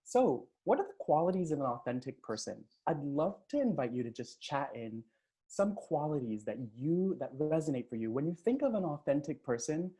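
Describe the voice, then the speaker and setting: A man leads a live online coaching session, talking into a computer mic on a video call. He is upbeat and hypes up the chat with cheers and quick shout-outs. His voice is warm and mellow. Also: a little high, sing-song. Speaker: transformational coach.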